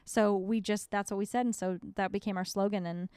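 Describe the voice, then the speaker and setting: Candid young woman, smooth and dry. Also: mid-range voice, fairly even intonation, fairly quick, darkish tone, no room sound. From North Dakota. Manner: candid, swears freely, rambling. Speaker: podcast co-host. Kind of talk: casual podcast chat.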